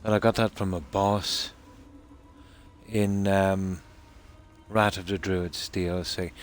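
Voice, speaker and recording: A man streaming a video game from home, chatting softly and unhurriedly with viewers about the game and his pets. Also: deep voice, faint music behind. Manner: soft-spoken, talks quietly so sleeping dogs stay asleep; relaxed and unhurried, with fillers. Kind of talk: casual gameplay commentary. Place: home room.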